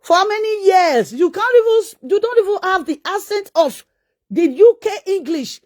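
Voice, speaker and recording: High-voiced Nigerian woman scolding. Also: animated, normal speed, darkish tone. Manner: scolding, mocking, rhetorical questions. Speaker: vlogger. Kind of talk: ranting live-stream commentary.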